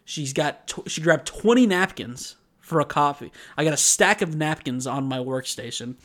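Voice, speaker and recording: Animated storytelling man, slightly high voice. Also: normal speed. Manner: rambling animated storyteller, acts out quotes. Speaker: podcast co-host. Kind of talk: casual chat, anime recap and storytelling.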